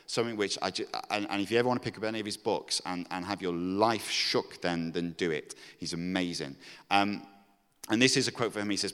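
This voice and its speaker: Preacher in a reverberant hall. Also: male voice, fairly low pitch. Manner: reads scripture aloud, then preaches in a casual, animated way with fillers and restarts. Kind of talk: sermon.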